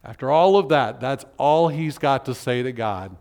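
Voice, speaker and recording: A male pastor giving a conversational sermon, slowing down to read scripture aloud. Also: medium pitch, a little mellow. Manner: conversational preaching, reads scripture aloud slowly. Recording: long reverb of a large hall.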